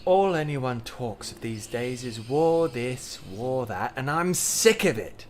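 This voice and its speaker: A man's voice: mid-range voice, lively intonation, slow pace, darkish tone, slight background noise. A man voicing a grumpy villager fed up with war talk, in a put-on accent, reading game dialogue aloud. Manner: put-on accent, grumbling and exasperated.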